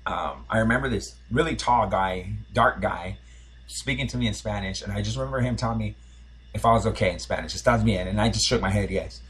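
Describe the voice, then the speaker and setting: A man's voice: fairly low pitch, brisk, a bit bright, slight background noise. A man in his forties, a podcast host, telling a rambling, nostalgic story in casual chat, full of fillers and restarts.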